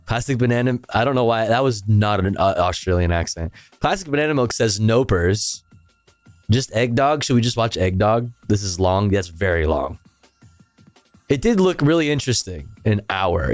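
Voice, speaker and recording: A man's voice: fairly low pitch, a little mellow, dry recording. A man hosting a casual livestream, chatting with viewers, swearing offhandedly, trailing off and humming to himself. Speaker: livestream host. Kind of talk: casual stream chat, reading chat.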